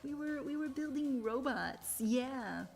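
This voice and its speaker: A woman's voice: high voice, slow pace, creaky. Giggly woman streamer chatting casually. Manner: giggly, laughs between sentences; animated storyteller. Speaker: livestreamer. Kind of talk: casual live-stream chat.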